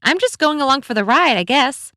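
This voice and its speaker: A woman reading an audiobook, voicing a cheerful, carefree middle-aged woman who chats brightly with a stranger. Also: sits high, expressive, fairly quick, no room sound, clean studio sound, voice pushed up. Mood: bubbly. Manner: bright, breezy and chatty.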